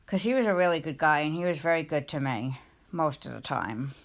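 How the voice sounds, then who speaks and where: A middle-aged woman on a live stream, telling a long personal story. Her voice sits a little low, and she talks in a rambling, emotional, confiding way, full of restarts. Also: fairly quick. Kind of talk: casual storytelling chat.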